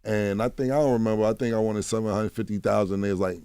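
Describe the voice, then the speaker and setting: A man's voice: on the low side, steady tone, fast, creaky, dark tone, clean tone, no echo. A man telling stories bluntly in a radio interview, swearing freely and often asking "you know what I'm saying.". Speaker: guest. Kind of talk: candid interview storytelling. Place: radio studio. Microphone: studio mic.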